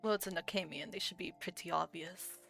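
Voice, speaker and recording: A woman's voice: on the low side, fairly even intonation, a little fast, gravelly, fairly bright tone, soft background music. A woman narrating a tabletop role-playing game as game master in a casual, chatty way.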